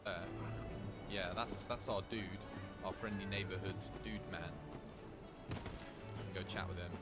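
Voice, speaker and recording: A man streaming live and chatting casually as he plays, given to high giggling fits. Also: fairly even intonation, a little slow, over loud music. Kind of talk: live gameplay commentary.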